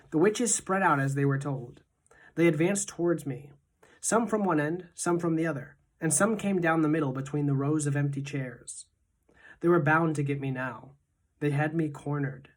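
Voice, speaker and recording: A woman teacher reading a children's novel aloud in a measured, expressive way. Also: low-pitched.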